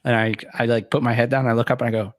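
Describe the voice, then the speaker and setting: A man's voice: mid-range voice, level tone, rapid-fire, no echo. Man telling a rambling story, dry sound. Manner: rambling, quoting others, frequent restarts and laughs. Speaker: podcast co-host. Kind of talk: casual storytelling.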